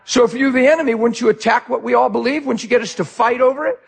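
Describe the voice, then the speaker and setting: A middle-aged male pastor preaching a sermon with passion, swinging from shouts to quiet, heartfelt talk. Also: very high voice, quick pace, gravelly, slightly rough.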